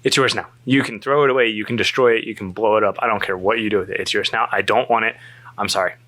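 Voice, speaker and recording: A man's voice: on the low side, fast. A man telling a story in casual chat, acting out the voices of the people in it and laughing often. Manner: animated, acts out quoted dialogue, laughs often. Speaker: storyteller guest.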